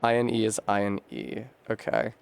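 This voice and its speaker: A man's voice: lowish voice, big pitch swings, normal speed, creaky, smooth. A man streaming a video game, chatting casually, thinking aloud as he sounds out foreign words and swearing freely. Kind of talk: casual live-stream gaming commentary.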